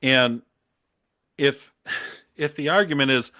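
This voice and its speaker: A man's voice: a little high, sing-song, slow, pauses often, pushed and bright, dry recording, studio quality. A man hosting a podcast, giving casual, opinionated Bible commentary with frequent restarts and chuckles. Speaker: podcast host.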